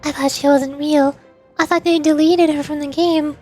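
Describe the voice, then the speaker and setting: Woman, high voice, playful chatty streamer, faint music behind. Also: fairly even intonation, normal speed, darkish tone. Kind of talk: casual chat reacting to a game.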